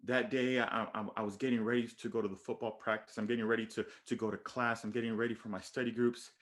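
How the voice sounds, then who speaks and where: A man's voice: mid-range voice, little pitch movement, fast. Emphatic motivational speaker, a man. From Texas border region, USA. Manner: emphatic, repetitive storytelling that addresses listeners by name. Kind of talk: keynote talk to students.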